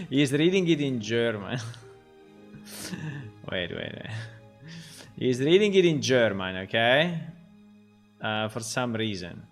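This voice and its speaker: Guy streaming game dev, slow and rambly, pitch jumps all over. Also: very animated, soft background music. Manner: rambling, amused, thinks aloud. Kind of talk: live development stream chat.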